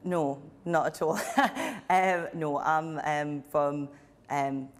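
A young actress with a Geordie accent talks about her career. Her delivery is chatty and full of ums, with a fairly flat, even pitch. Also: takes it slowly. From Newcastle, England. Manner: chatty, lots of ums, laughing. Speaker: actor. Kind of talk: interview.

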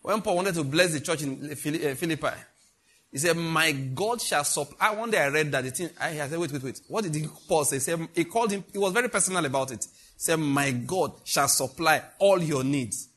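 Husky-voiced man preaching a sermon. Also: animated. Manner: emphatic preaching, often slowing down to recite scripture; rising to high, loud exhortation. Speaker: pastor. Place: church service, streamed.

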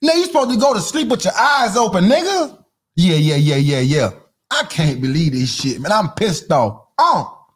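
A man hosting a comedy podcast, delivering an animated, profane rant that keeps breaking into mock voices and sing-song chanting. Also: high-pitched, normal speed, husky. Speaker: podcast host.

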